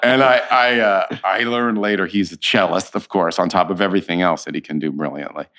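Very deep-voiced man telling stories. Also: brisk. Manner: animated storyteller, slips into quoted voices. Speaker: actor, interview guest. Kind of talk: casual interview chat.

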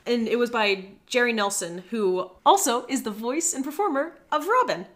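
A woman's voice: fairly high pitch, lively intonation, normal speed, a bit bright. A woman co-hosting a podcast, chatting casually about a film, with lots of fillers, swearing and laughter. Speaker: podcast co-host. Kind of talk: casual movie-discussion chat.

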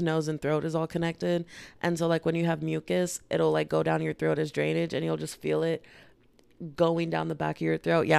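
A woman hosts a solo podcast in a chatty, joking, rambling way. Her voice sits low and gravelly, and she is stuffed up from a cold. The sound is dry and close, with no room around it. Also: darkish tone, dry recording. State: congested from a cold. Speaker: podcast host. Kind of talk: casual solo podcast chat.

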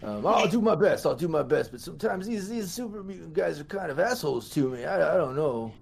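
A man playing a gravelly, gentle super mutant. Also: fairly high pitch, lively intonation, brisk, voice pushed up, heavily acted. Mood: earnest, unsure. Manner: hesitant, earnest.

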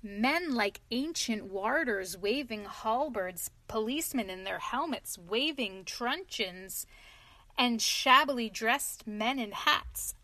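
A woman voicing a kindly, plain-spoken male engine driver with steady, homely speech in a storybook reading. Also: fairly high pitch, slow pace, full character voice. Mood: alarmed.

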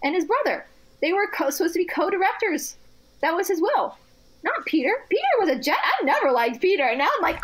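A woman on a podcast telling stories in casual chat, animated, laughing often and restarting her sentences. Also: very high voice, fast talker. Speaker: guest.

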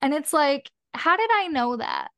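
A woman who works as a spiritual mentor appears as a podcast guest in a casual conversational interview, speaking expressively, swearing now and then and acting out inner voices. Her voice is high-pitched and unhurried.

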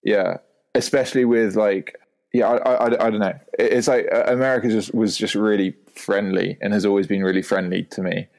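A man's voice: lowish voice, steady tone, a little fast, creaky, a little mellow. A young man from England with a posh London English accent, chatting as a podcast guest, hesitant and stammering. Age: 20s. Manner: hesitant, stammering, self-conscious. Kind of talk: casual chat.

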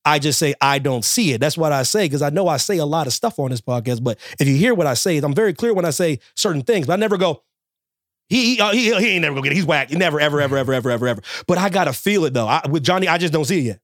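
Animated, high-pitched man ranting on a podcast. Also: quick pace, no room sound, clean studio sound. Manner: animated, emphatic, repeats himself, jumps into high mocking quotes. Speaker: podcast co-host. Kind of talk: casual chat.

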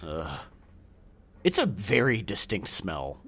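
Playful quick-witted man co-hosting. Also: low-pitched, huge pitch swings, fairly bright tone, slightly rough. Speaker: podcast co-host. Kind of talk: casual chat.

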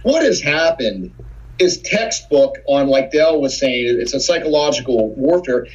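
A man's voice: mid-range voice, expressive, moderate pace, darkish tone, lo-fi sound. A man speaking as a podcast guest, lecturing with indignation. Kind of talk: opinionated podcast talk.

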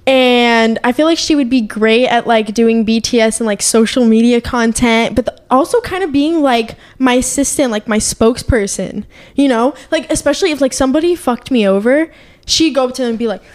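Young American woman, high-pitched voice, animated and casual, swears a lot, podcast co-host. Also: a little fast. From United States. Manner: animated, swears freely, laughs often. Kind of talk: casual chat.

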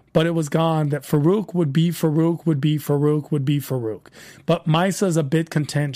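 A man hosting a solo aftershow, retelling scenes in a chatty, animated way and voicing the characters' lines. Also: on the high side. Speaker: podcast host recapping a TV show.

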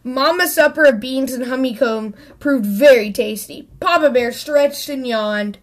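A woman reads a children's picture book aloud in a high, expressive voice. Now and then she stumbles and repeats a word, then carries on. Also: a little slow, few pauses. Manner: expressive, with small slips and restarts. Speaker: storybook reader.

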